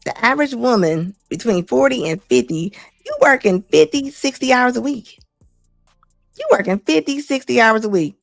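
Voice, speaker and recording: A middle-aged woman hosting a talk show, giving blunt, animated opinion commentary and laughing often. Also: fairly high pitch, moderate pace, creaky, dry recording, clean studio sound, faint music behind. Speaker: host.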